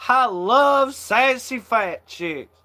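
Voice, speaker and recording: A man's voice: very high voice, animated, very slow, pushed and bright, pitched above the performer's own voice, full character voice. A man voicing a brash, crude redneck comedian, delivering rowdy punchlines in a raised voice.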